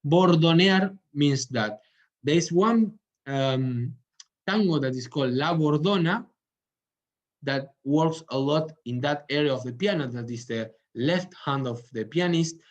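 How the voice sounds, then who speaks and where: A man of middle pitch explains tango music in an unhurried, halting way, stopping to find his words. He sings rhythm patterns out loud with syllables. The recording is dull and lo-fi. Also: lively intonation. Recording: dull lo-fi sound.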